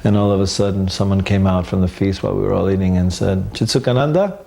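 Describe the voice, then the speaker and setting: A man recalling old memories in a casual, animated storytelling way, acting out the dialogue and often stopping to restart. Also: low-pitched, vocal fry. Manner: halting, with restarts and fillers.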